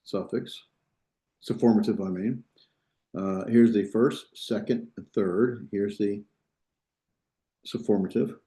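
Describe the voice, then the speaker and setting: A man's voice: fairly low pitch, takes it slowly, long pauses, dark tone, echoey room. A man lecturing a class, talking loosely with frequent restarts and checking in with his students. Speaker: Biblical Hebrew teacher.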